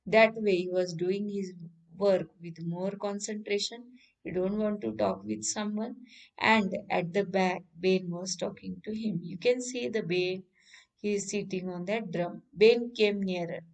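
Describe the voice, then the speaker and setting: A woman's voice: medium pitch, steady tone, unhurried, low-quality recording. A woman teacher with an Indian accent, reading lines of a story aloud and then explaining them to students.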